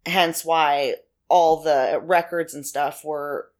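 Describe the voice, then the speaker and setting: A woman's voice: sits low, steady tone, takes it slowly. A woman co-hosting a podcast, chatting casually and speculating through theories with frequent restarts. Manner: speculative, conversational, with many restarts. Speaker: podcast co-host.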